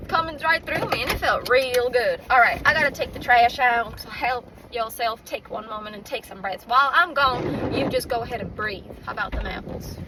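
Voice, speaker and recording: A woman's voice: a little high, normal speed, few pauses. A woman rambling candidly in a casual monologue, swearing freely as she talks outdoors. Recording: distant mic with loud traffic noise.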